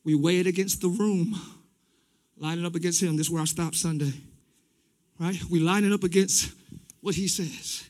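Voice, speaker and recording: A man preaching a lively sermon, shouting one moment and dropping low the next, acting out little scenes with his congregation. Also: normal speed. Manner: swings between shouting and dropping to a low confiding voice. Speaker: pastor.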